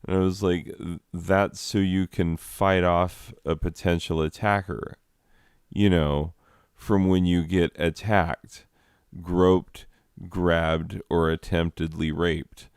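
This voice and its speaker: Deep, slow-talking man riffing exasperatedly. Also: flat delivery, smooth, no room sound, clean studio sound. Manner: rambling, exasperated, lots of "like" fillers. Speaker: comedy commentator reading slides. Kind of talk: casual comedic commentary.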